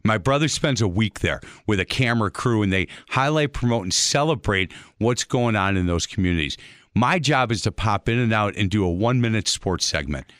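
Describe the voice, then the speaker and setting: A man hosting a radio show, chatting with a guest and telling lively stories. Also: fairly low pitch, fairly quick, dry recording, studio quality. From Wisconsin, USA. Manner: chatty storyteller, animated anecdotes. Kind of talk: casual radio interview.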